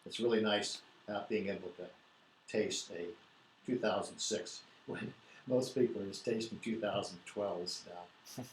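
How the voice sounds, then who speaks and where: Deep-voiced man in an echoey room. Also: fairly even intonation, a little slow. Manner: casual, loose, full of fillers. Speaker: tasting panelist. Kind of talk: casual tasting notes. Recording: roomy echo, faint noise.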